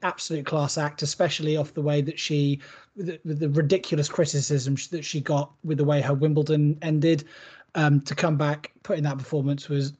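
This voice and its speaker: A man's voice: fairly high pitch, flat delivery, moderate pace, darkish tone, breathy edge. A man, a podcast co-host chatting in casual, jokey banter and laughing often. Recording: dull lo-fi audio.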